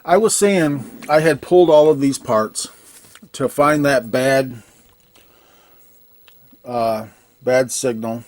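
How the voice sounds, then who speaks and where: A man's voice: mid-range voice, slow, long pauses, darkish tone. A man working as an arcade repair technician, walking through a repair in a casual, plain way, thinking aloud and poking fun at himself.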